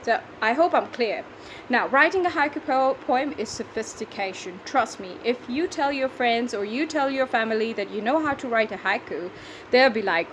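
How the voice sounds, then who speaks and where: Female teacher, Pakistani English accent, patient and methodical, somewhat high voice, light background noise. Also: expressive, fairly bright tone, rough recording. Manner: patient, explains step by step, counts syllables aloud slowly. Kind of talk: classroom lesson explaining poetry.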